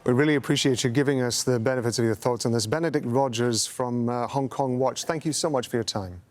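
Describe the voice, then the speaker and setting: News anchor guy, polite formal questions, mid pitched voice. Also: quick pace, darkish tone. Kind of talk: broadcast news interview.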